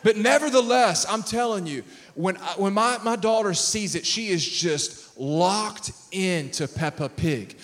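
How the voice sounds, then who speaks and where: Pastor, man, 30s, high voice, lively preaching style with humor. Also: unhurried, hardly any pauses. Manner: energetic preaching with crowd call-outs and humor. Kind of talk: sermon.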